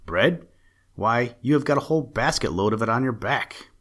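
A man's voice: medium pitch, animated, moderate pace, voice pushed up. A man doing an eager young simpleton. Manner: calls out brightly, eager. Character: naive young male simpleton, eager and friendly.

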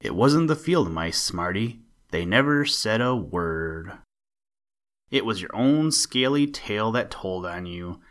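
A man voicing a cheeky, indignant little male sparrow in a storybook reading, shrill and mocking. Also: lively intonation, takes it slowly, fairly bright tone.

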